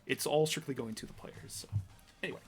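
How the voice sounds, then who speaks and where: With a fairly high voice and quick delivery, this tournament host rambles through live commentary on a fighting game stream. He's talkative and laughs a lot.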